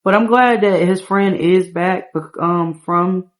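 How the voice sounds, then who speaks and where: A woman narrating her life-sim gameplay in a rambling, relaxed storytelling manner. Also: fairly low pitch, slow. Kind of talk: casual game narration.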